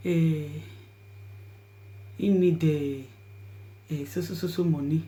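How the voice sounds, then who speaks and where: A woman's voice: sits low, steady tone, slow, pauses often. Nigerian woman telling a story. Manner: swings between hushed and loud, pleading. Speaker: vlogger. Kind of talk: storytelling to camera in Pidgin.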